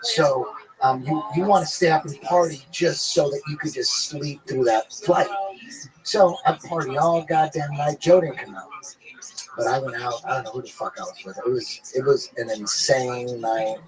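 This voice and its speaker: A man telling a rambling, profane story in casual podcast chat, animated and full of restarts. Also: mid-range voice, moderate pace, music in the background, rough recording.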